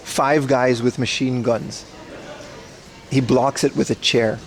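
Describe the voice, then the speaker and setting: A man's voice: medium pitch, steady tone, slow pace. A man streaming live while browsing a secondhand electronics shop indoors, rambling and cracking jokes to his chat on a mobile rig. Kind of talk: casual IRL livestream commentary.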